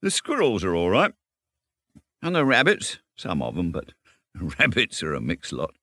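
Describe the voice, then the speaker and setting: A man reading a storybook, voicing a cheerful, self-assured male water rat who talks briskly and chattily. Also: deep voice, huge pitch swings, bright, forceful tone, husky, no echo, clean studio sound, heavily acted. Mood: chatty. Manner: brisk, chatty, lightly laughing.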